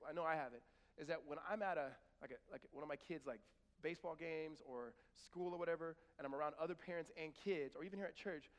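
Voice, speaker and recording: A middle-aged pastor with a slightly high voice delivers a church sermon, and a long reverb tail trails his words. He talks conversationally, telling stories with animation and acting out little scenes in different voices.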